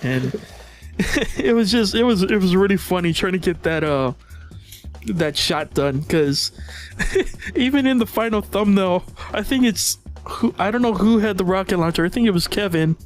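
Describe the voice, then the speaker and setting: A man hosting a casual weekly gaming recap, rambling with laughs, his voice going hoarse. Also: sits high, lively intonation, moderate pace, faint music behind. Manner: rambling, laughs often, restarts. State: losing his voice. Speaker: channel host.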